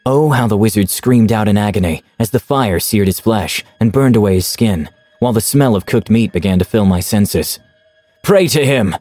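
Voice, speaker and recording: Male narrator with a warm, low delivery for a dramatic first-person tabletop story recap. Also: moderate pace, no room sound, faint music behind.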